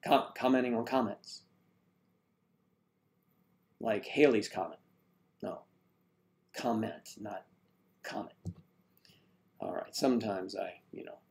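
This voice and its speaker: A man's voice: on the low side, unhurried, vocal fry, long pauses, darkish tone, slight background noise. A man hosting a casual live stream, rambling and joking as he greets viewers and reads their comments aloud.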